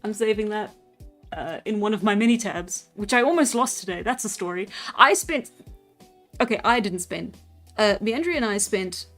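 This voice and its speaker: A woman's voice: medium pitch, lively intonation, normal speed, a bit bright. A young woman livestreaming while she draws, chatting casually with viewers and laughing often. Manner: giggly, chatty, frequent laughter and restarts. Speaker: livestreamer and artist. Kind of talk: casual live-stream chat while drawing. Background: faint background music.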